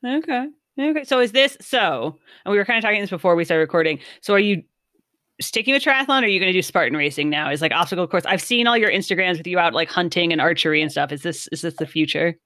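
A podcast host talks quickly, with a bright, crisp tone. The questions come chatty and affirming. The voice sounds dry and close. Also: medium pitch, expressive, no room sound. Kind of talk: casual interview chat.

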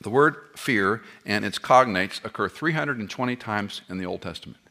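A man speaks at normal speed in a fairly low voice, giving an animated expository sermon. Rhetorical questions come thick and fast for the audience, broken up by joking asides.

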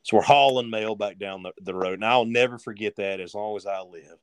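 A man's voice: lowish voice, fairly quick, clear, resonant tone, no echo, clean studio sound. A man telling a rambling story as a guest on a casual podcast.

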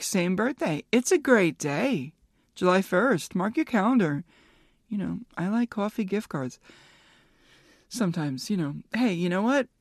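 A woman's voice: lowish voice, no echo, studio quality. A woman in her fifties hosting a solo podcast, rambling candidly and swearing freely as she thinks aloud. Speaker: podcast host. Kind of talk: casual solo podcast chat.

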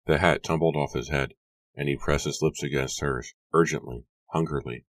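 A man narrating a horror audiobook in a hushed, suspenseful storytelling manner. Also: very deep voice, steady tone, moderate pace, no echo.

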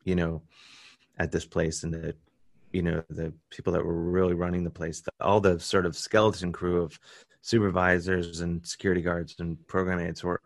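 An American man, a comedian guest, telling a story in casual chat and jumping into high voices when quoting people. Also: level tone, moderate pace, no echo, studio quality.

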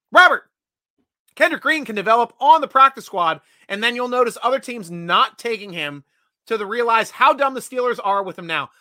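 A man's voice: high voice, dry recording. A man hosting a casual sports fan livestream, chatting energetically and reading out viewer comments. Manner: energetic, chatty, bursts of loud excitement.

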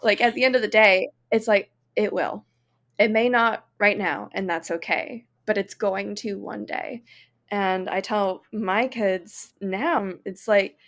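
A woman's voice: medium pitch, creaky, a bit bright. A woman who teaches art, talking earnestly and with enthusiasm as a guest on a podcast conversation. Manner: earnest, enthusiastic, talks fast in bursts.

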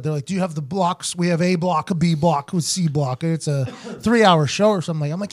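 A man hosting a podcast, telling a story in casual chat, quoting others in quick asides. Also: fairly high pitch. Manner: animated, quotes people in quick asides. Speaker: podcast host.

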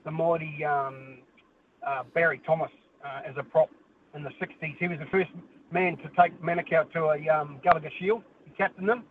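Kiwi bloke calling talkback, a bit high-voiced, rambling, tinny phone line w faint hiss. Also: male voice, fairly even intonation, moderate pace. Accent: New Zealand. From New Zealand. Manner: rambling, says "mate" often. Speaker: caller. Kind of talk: talkback call.

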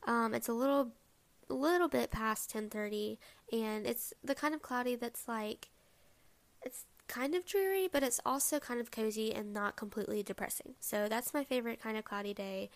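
A woman's voice: a little high, normal speed. A young woman hosting her own podcast, chatting casually and rambling with lots of asides. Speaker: podcast host. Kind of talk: casual solo podcast chat.

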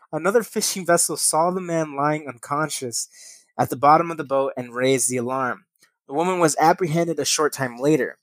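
A man's voice: a little high, fairly quick, dry recording. A young man hosting a casual podcast, reading news stories aloud and commenting with frequent swearing and laughing at his own slips. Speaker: podcast host.

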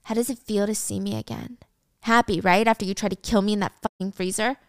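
A woman voicing a calm, fearless teenage schoolgirl who speaks flatly and coolly. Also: mid-range voice, fast, dry recording, studio quality, lightly acted. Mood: cold. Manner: flat, calm, unafraid. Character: cold, fearless teen schoolgirl.

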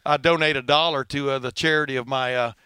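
Fast-talking man with a Texan twang. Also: medium pitch, steady tone, bright, forceful tone, smooth, dry recording. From Texas. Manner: fast talker, joking, uses fillers. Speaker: podcast host. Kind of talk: casual sports podcast chat.

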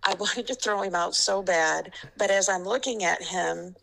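A middle-aged woman, a basketball referee, telling animated stories in an interview and laughing often. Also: on the low side, moderate pace, vocal fry, poor audio. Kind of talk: storytelling interview.

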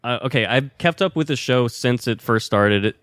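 A man's voice: medium pitch, moderate pace, fairly bright tone, no echo, clean studio sound. A man in casual chat reviewing movies and shows, loose and profane with lots of filler words.

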